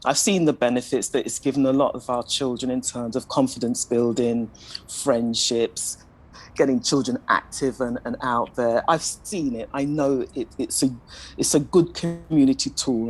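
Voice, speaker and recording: Low-voiced woman panelist, measured. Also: low-quality recording. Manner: measured, questioning, self-deprecating. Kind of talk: panel discussion.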